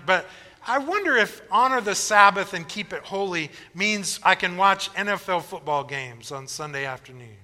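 A man delivers a sermon from the pulpit in a conversational, wry manner. His voice sits high and rings very bright. The church sanctuary adds a long, trailing reverb. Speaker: pastor.

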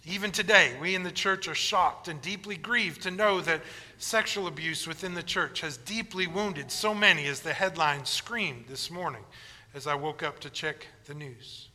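A man's voice: fairly high pitch, normal speed, bright, forceful tone, in a large hall. A male pastor preaching a sermon in a casual, storytelling way with informal asides.

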